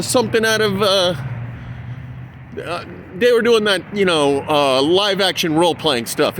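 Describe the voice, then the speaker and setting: Chatty man filming outdoors. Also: sits high. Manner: chatty, pointing things out, counting aloud. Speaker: vlogger. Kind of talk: casual walking commentary to camera. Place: outdoors by a large stone building in a city. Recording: outdoor handheld camera, faint street noise.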